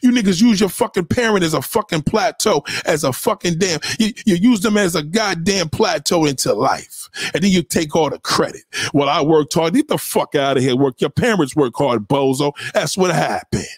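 High-pitched New man ranting hard. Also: expressive, normal speed, few pauses, slightly rough, dry recording, studio quality. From New York City. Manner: profane, loud, lecturing, rhetorical questions; swings pitch widely for emphasis. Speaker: commentator. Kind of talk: heated ranting commentary.

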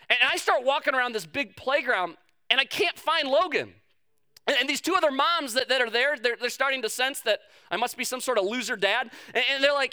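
Bright, animated male pastor storytelling. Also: extremely high pitch, fairly quick, clean tone. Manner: animated storytelling, acts out quotes, self-mocking humor. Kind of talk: sermon with personal story.

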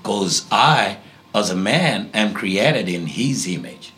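Lower-voiced pastor from Africa, emphatic repeats. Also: male voice, animated, takes it slowly, a bit bright, slight background noise. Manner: emphatic, repeats key phrases. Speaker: guest pastor. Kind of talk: interview answers, preaching tone.

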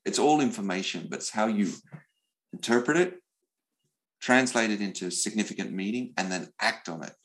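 A middle-aged man speaking as an interview guest, telling stories in an animated way, often repeating words as he goes. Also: lowish voice, normal speed, poor audio. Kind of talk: conversational storytelling.

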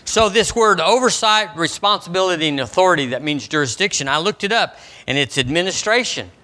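Bright, animated pastor preaching. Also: male voice, sits high, brisk. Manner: animated preaching, quizzes the congregation. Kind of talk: sermon. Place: church service.

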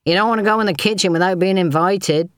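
A woman's voice: low voice, expressive, normal speed, dry recording. A sneering, swaggering young footman, as a woman reader voices him in a storybook. He mocks and taunts in a pushy, withering tone. The recording is dry and close. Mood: taunting. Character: sneering thin young male footman, bullying.

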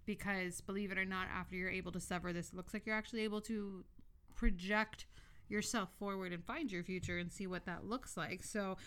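A young woman hosting a casual chat, reading tarot in a relaxed, talkative way. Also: mid-range voice, fairly quick, clear, resonant tone. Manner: relaxed, chatty, swears casually. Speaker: host, tarot reader.

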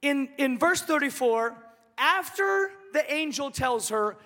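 A man preaching a sermon in an animated, joking, conversational manner. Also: extremely high pitch, slow, in a large hall. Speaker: pastor.

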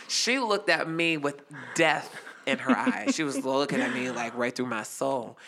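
A young man telling a lively story as a guest, acting out the quotes. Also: a little high, unhurried, gravelly. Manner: animated, acts out quotes. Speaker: guest performer. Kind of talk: casual storytelling.

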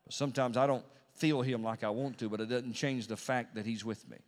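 A man's voice: medium pitch, fairly even intonation, a little fast. Preaching man in a reverberant hall. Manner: preaching with wide swings between hushed and loud; repeats phrases for emphasis. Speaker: pastor. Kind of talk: Pentecostal sermon. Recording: long reverb of a large hall.

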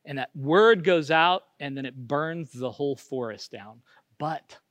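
A middle-aged man preaches to his church in a high, bright tone. He is earnest and confessional, pressing hard on key phrases, then sinking to hushed, nearly whispered words. The close mic sounds dry and close, with no room echo. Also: unhurried. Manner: earnest, swings from loud emphasis to hushed near-whispers. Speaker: pastor. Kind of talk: sermon.

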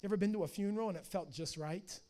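A man preaching a fiery sermon as pastor, swinging from hushed lines to shouted ones. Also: sits high, racing.

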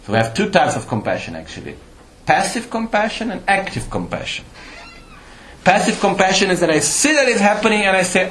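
A man gives a Buddhist teaching, explaining step by step and often checking in with the audience. His voice sits a little on the high side. The sound is roomy and echoing, with a faint ambience underneath. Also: sing-song, a little fast, fairly bright tone, a little hiss or hum. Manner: explanatory, asks the audience questions, non-native phrasing. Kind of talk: Dharma teaching to a live audience. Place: retreat teaching hall.

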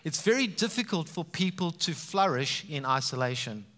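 A man preaching a sermon, animated and emphatic, with frequent rises for emphasis. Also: a little high, normal speed. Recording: reverberant hall sound.

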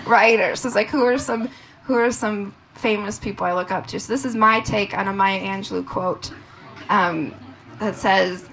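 A woman in her thirties performing a brash stand-up comedy set on a club stage, swinging up into loud shouts. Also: mid-range voice, steady tone, moderate pace. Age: 30s. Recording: noisy live club recording. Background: crowd laughter and room noise.

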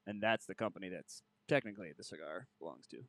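A man in a casual podcast chat, explaining haltingly with lots of "like". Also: sits low, fairly bright tone, dry recording. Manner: halting, stacks up "like".

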